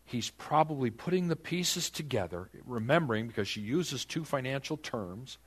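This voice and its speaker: Man, preacher, sermon, husky, lively pitch, rhetorical questions. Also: normal speed. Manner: animated, rhetorical questions, dramatizes the text. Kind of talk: sermon, Bible teaching.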